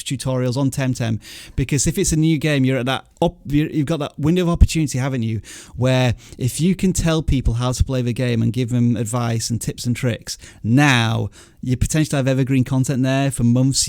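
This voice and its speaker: A man hosting a livestream in a chatty, easygoing way, often breaking into laughter. His voice sits at a mid pitch, and the sound is dry and close to the mic with no room echo. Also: fairly even intonation, moderate pace, hardly any pauses, darkish tone. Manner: chatty, laughs often, reads viewer messages aloud. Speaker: livestream host. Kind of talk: casual livestream chat.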